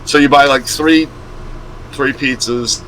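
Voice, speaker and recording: A man's voice: mid-range voice, slow, a little hiss or hum, poor audio. A man co-hosting a casual live stream, rambling and joking. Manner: rambling, jokey, animated. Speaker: co-host.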